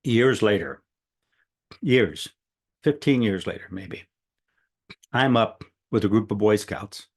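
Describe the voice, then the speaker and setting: A man's voice: lowish voice, husky. A middle-aged man telling a long personal story in a casual, rambling way, often quoting what others said. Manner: rambling, conversational, quotes others at length. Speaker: speaker sharing a personal story.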